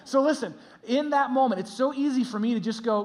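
A middle-aged man, a pastor, giving an earnest sermon that turns animated when he tells stories. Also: extremely high pitch, fairly quick, hardly any pauses.

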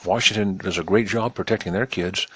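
A low-pitched man delivers a cynical, sarcastic rundown of the news, reading passages aloud and picking them apart. He speaks in a folksy, direct way to his listeners. The sound is dry and close, with no room around it. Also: fairly even intonation, fairly quick, a bit bright, breathy edge, no room sound. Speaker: news commentator. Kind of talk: sarcastic news commentary monologue.

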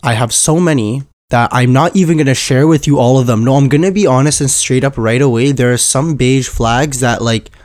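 A man's voice: mid-range voice, a little fast, few pauses, a little mellow, no room sound, studio quality. A man hosting a casual solo podcast, his voice stuffy from a cold, rambling and joking at himself as he trips over his words. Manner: rambling, self-mocking, stumbles over words. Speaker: podcast host.

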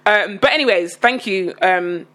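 A tired young woman co-hosting a podcast, talking slowly and rambling with lots of fillers. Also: mid-range voice, fairly bright tone. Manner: slow, sleepy, rambling with many fillers. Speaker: podcast co-host. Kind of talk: casual chat.

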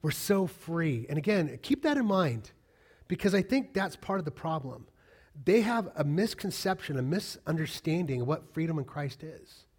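High-voiced emphatic male preacher. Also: very animated, moderate pace, a little mellow, breathy edge. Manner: emphatic preacher, repeats key lines, asks the congregation questions. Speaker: pastor. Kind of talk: sermon.

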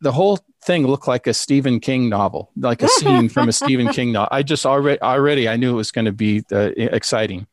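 A man telling a personal story in a casual, halting way, with many fillers and restarts. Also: mid-range voice, very animated, no echo, studio quality. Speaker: storyteller recounting a ghost experience. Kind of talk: casual spoken anecdote.

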